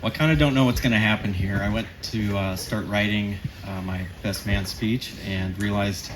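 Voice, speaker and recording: A man's voice: lowish voice, fairly even intonation, moderate pace, noisy background. A man in his forties giving a heartfelt, jokey best man toast at a wedding reception, laughing often. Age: 40s.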